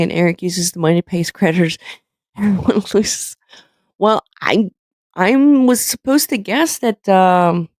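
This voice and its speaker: A woman's voice: on the low side, a little slow, a little mellow, no echo, studio quality. A woman hosting a live stream, chatting casually, rambling with lots of fillers and reading viewer comments aloud.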